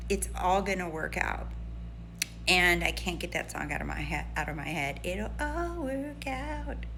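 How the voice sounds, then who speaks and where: A woman's voice: low voice, moderate pace, gravelly, a little hiss or hum. A woman casually telling a story to her audience, animatedly acting out what she and a friend said. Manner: animated, acts out quoted voices in a retelling. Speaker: lifestyle and manifestation creator.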